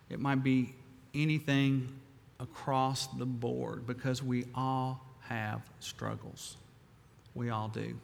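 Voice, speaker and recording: A man preaching a sermon as pastor in a church, with slow, emphatic swells of volume. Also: medium pitch, a bit bright. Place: church sanctuary. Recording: long reverb of a large hall.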